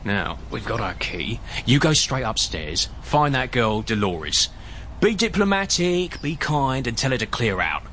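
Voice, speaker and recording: In a radio comedy drama, an actor plays Blake, a callous son-in-law who sarcastically bosses his wife around with flippant remarks. His mid-range voice swings widely in pitch, unhurried and sharp in tone. A little hiss or hum sits under the recording.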